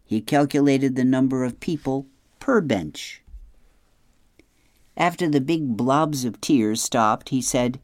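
A woman narrating a children's novel in a measured, gentle storytelling manner. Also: a bass voice, no echo, studio quality. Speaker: audiobook narrator. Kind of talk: scripted narration.

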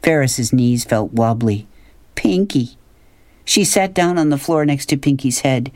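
A man narrates a children's storybook in a gentle, expressive way. His pitch moves in a lively, animated line, and the recording is dry and close with no room sound. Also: moderate pace, no echo. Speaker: audiobook narrator.

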